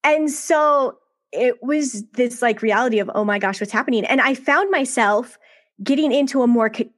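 A woman in her thirties, a podcast guest, telling her story in a candid, animated conversational way. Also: on the high side, normal speed.

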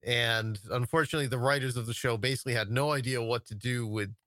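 A man's voice: medium pitch, steady tone, fast, a bit bright, dry recording. A man talking casually as a podcast guest over a video call, hesitant and full of fillers and restarts. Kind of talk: casual chat.

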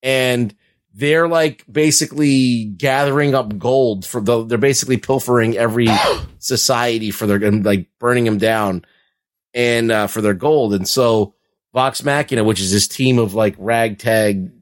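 A man chatting loosely on a podcast, his mid-pitched voice wandering through long recaps. He swears freely and laughs now and then as he talks. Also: fairly even intonation, unhurried. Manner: rambling, profane, laughs while talking. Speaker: podcast co-host. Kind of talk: casual chat.

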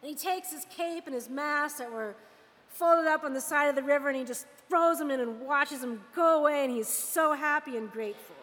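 A woman preaching a lively, conversational storytelling sermon. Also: high voice, normal speed, big-room sound.

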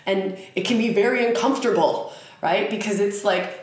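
A woman's voice: medium pitch, moderate pace. A woman giving a casual spiritual talk in an earnest, frank way, swearing casually as she goes. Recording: very echoey room.

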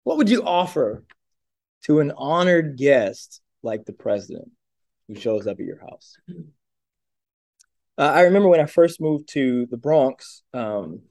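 A man's voice: medium pitch, big pitch swings, unhurried, long pauses, a little mellow. A young man preaching a sermon in a conversational way, with many fillers and repeated rhetorical questions. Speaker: pastor.

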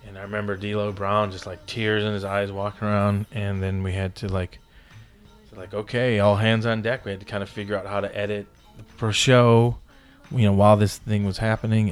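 Low-voiced man telling a rambling story. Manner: rambling, full of "like" and swearing. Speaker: guest. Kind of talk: casual storytelling in a podcast interview.

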